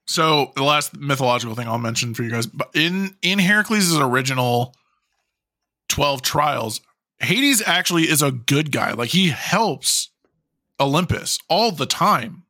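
A man with a bright, edgy tone chats about a film on a podcast, recorded dry and close. He is animated, drops casual swears, and tosses in fun facts. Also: on the high side, a little slow, no echo. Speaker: podcast co-host. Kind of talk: casual movie review chat.

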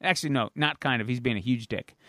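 A male podcast co-host rambles through a story recap in casual chat, using plenty of fillers and the odd curse. His middling-pitched voice is quick, bright and forceful, recorded dry and close with no room echo.

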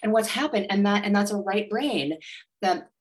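A woman who is a money coach, speaking as a guest in an interview and acting out inner voices with animated energy. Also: mid-range voice, normal speed. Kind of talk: motivational interview talk.

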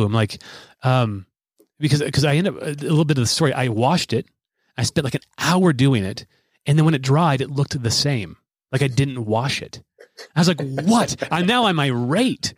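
A man's voice: medium pitch, lively intonation, a little fast, dry recording. A man in his thirties hosting a podcast, telling a long story in a rambling, self-deprecating way with many restarts. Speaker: podcast host. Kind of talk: casual podcast chat.

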